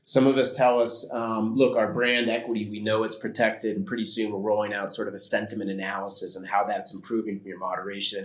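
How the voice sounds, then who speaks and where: A man with a fairly low voice talks as a vendor guest on a live webinar. He sounds confident and salesy, dropping in fillers as he goes. The room around him is echoey.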